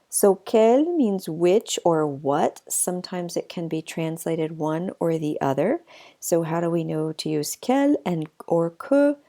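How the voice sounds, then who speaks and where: A woman teaching a French grammar lesson in English, reading example sentences slowly and carefully, with chatty asides and frequent rephrasing. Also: on the low side, mellow.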